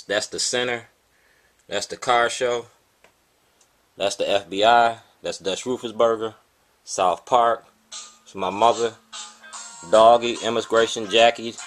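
A man's voice: lowish voice, fairly bright tone. A man, speaking insistently to camera as he shows documents and addresses officials with his grievances. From Baltimore, USA. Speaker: self-made video diarist.

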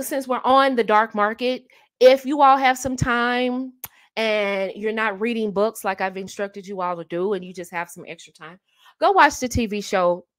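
A woman hosting a casual advice talk on dating, emphatic and fond of repeating her key phrases with rhetorical asides. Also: mid-range voice. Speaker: host giving dating advice.

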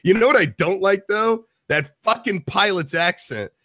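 Animated podcast guy, voice jumps all over, dry close sound. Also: high-pitched, moderate pace, no room sound. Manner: animated, swears, acts out quotes. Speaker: podcast co-host. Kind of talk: casual chat.

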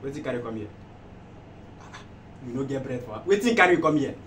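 A man's voice: medium pitch, lively intonation, fast talker, a crowd in the background, natural voice. A man with a Nigerian accent playing a friend who gives advice and keeps repeating himself. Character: patient friend giving advice. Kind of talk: comedy skit acting. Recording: echoey room, far-off mic, loud background noise.

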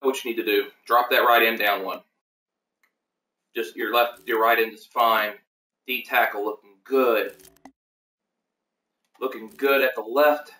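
A man's voice: lowish voice, steady tone, measured pace, pauses often, pushed and bright, recorded from a distance. A man hosting a casual livestream, rambling through team lineups with many fillers and self-corrections. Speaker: league host reviewing team depth charts. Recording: echoey room, voice off the mic.

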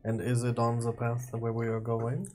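A man's voice: mid-range voice, completely flat delivery, moderate pace, a little mellow. A man playing a tabletop game, mixing casual talk with formal lines in character. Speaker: player.

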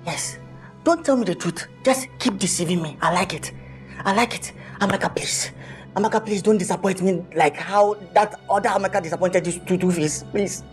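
A Nigerian actor playing a broke, lovesick young boyfriend who begs and pleads melodramatically in a comic film. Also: male voice, high voice, normal speed, soft background music, natural voice. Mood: pleading.

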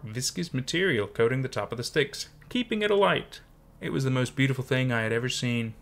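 A man's voice: medium pitch, fairly bright tone. A man reading a first-person horror story aloud, with dramatic, suspenseful narration.

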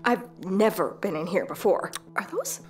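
Woman doing a jittery young worker girl, hesitant, lively voice, game character. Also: mid-range voice, normal speed, faint music behind, natural voice. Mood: uneasy. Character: nervous young female staff worker.

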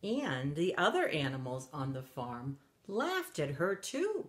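A woman reading a picture book aloud to children, animated and stopping to ask her young listeners questions. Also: low-pitched, slow. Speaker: children's story reader.

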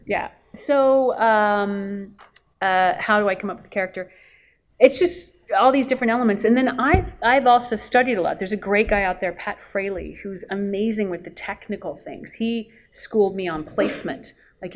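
A woman voice actress on a convention panel, telling animated stories and acting out quotes with a laugh. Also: medium pitch, normal speed. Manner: lively, acts out quotes and laughs often. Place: convention hall.

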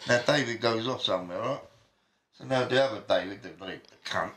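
A man's voice: lowish voice, a little fast. A man telling a rowdy anecdote, swearing freely and acting out what everyone said. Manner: profane, animated, acts out quoted voices. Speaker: storyteller. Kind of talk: casual anecdote.

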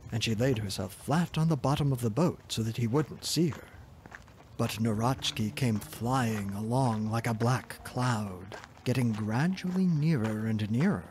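A man narrating a fairy tale in a soft, gentle, expressive reading voice. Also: mid-range voice, a little hiss or hum. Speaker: storyteller.

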